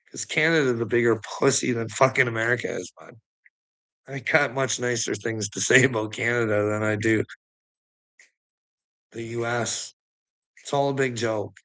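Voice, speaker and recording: A man rants into the mic in a taunting, profane monologue, his voice rough and gravelly. The tone is tense and edgy, and he mocks his listeners, hammering home words by repeating them. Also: mid-range voice, measured pace, long pauses, a bit bright. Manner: taunting, profane, mocking laughs. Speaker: online commentator. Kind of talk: ranting monologue to camera.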